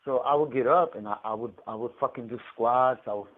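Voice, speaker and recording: A man's voice: medium pitch, fairly quick. Profane man on a tinny phone line. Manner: profane, rambling, stammers and repeats words. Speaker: inmate on a collect call. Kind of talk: casual storytelling.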